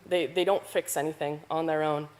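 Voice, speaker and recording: A woman's voice: low-pitched, fairly even intonation, moderate pace, darkish tone. A woman giving a casual, hesitant public comment at a council meeting. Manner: casual, hesitant, many fillers. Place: council chamber.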